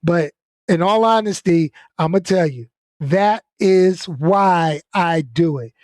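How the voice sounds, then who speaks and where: A man's voice: high-pitched, slow pace, darkish tone, no echo, studio quality. A man talking casually in a vlog, blunt and laid-back, swearing now and then and laughing easily. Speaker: YouTuber. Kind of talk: casual venting vlog talk.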